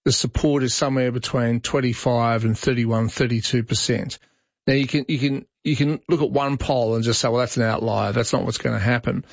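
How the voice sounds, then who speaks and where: A brisk, opinionated Australian man hosting talkback radio, reading messages and pushing back on callers. His voice comes across dry and a little dull, like a close studio mic with the top end rolled off. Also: mid-range voice, fairly even intonation, gravelly, dry recording. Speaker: radio host.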